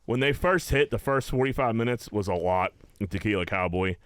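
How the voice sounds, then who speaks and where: A man's voice: on the low side, expressive, fairly quick, a bit bright, clean tone, dry recording. A young man from Pittsburgh co-hosting a podcast, telling rambling stories in casual chat and swearing often. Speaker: podcast co-host.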